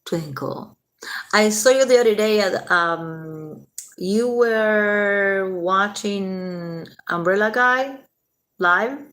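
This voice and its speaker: A woman's voice: medium pitch, extremely slow, fairly bright tone. A woman hosting a casual late-night livestream, chatting with viewers, answering their comments and swearing freely.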